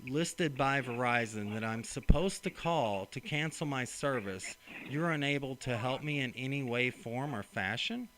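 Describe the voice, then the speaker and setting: A man's voice: medium pitch, unhurried, fairly bright tone, low-quality recording. Demanding, confrontational man on the phone. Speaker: customer on a phone call. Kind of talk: heated phone complaint.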